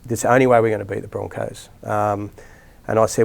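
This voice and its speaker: Gravelly low-voiced Australian coach. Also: male voice, flat delivery, quick pace, a little mellow. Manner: rambling anecdotes with many restarts and fillers. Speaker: rugby league coach, podcast guest. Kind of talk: casual storytelling interview.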